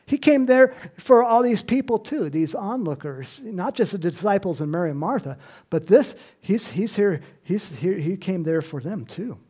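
A preacher delivering an animated sermon, swinging between hushed and loud passages. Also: mid-range voice, normal speed, breathy edge.

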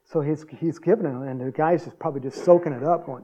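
A man preaching a sermon in a folksy, chuckling way, acting out quotes in a higher voice. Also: quick pace, dark tone. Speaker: pastor.

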